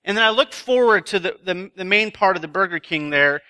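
Guy giving a sermon at a retreat, chatty, pokes fun at himself, really bright tense tone. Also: sits high, lively intonation, fairly quick, smooth. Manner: self-deprecating, chatty storyteller. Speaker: retreat speaker. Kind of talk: sermon with a humorous personal story. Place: live talk before an audience.

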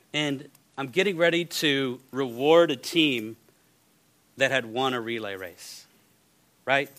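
A man preaching a sermon, firing rhetorical questions and moving between loud and hushed delivery. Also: medium pitch. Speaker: pastor.

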